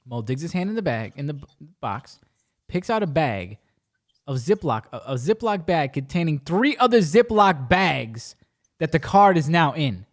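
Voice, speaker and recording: Here a podcast host, a man whose voice is a little high, keeps a moderate pace. His storytelling is casual and animated, and he voices the other people involved.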